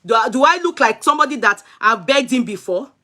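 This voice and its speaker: High bright-voiced Nigerian woman scolding viewers. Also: a little fast. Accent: Nigerian, Yoruba-speaking. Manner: animated, scolding, switches between Yoruba and English. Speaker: gossip show host. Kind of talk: livestream gossip chat.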